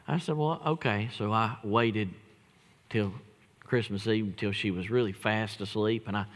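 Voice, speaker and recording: A man's voice: on the low side, fairly even intonation, normal speed, long reverb tail. A man preaching a sermon as pastor, telling folksy jokes and stories with emphatic delivery. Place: church.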